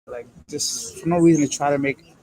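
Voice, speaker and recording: A man's voice: on the high side, steady tone, moderate pace, darkish tone, poor audio. A man live-streaming from an airport transit area on his phone, chatting casually and jokingly as he reads viewer comments. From Canada. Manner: joking, rambling, candid. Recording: busy airport crowd noise. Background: crowd chatter and PA announcements.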